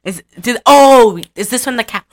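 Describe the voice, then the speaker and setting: A woman chatting casually as a podcast co-host, retelling a cartoon with giggles and quick voice impressions. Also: fairly high pitch, no echo. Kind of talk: casual chat.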